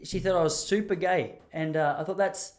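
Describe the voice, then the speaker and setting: A man's voice: fairly high pitch, fairly even intonation, brisk. A young man from Gippsland with an Australian accent, hosting a podcast and telling rambling, self-mocking stories. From Traralgon, Gippsland, Australia. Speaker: podcast host. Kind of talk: casual storytelling.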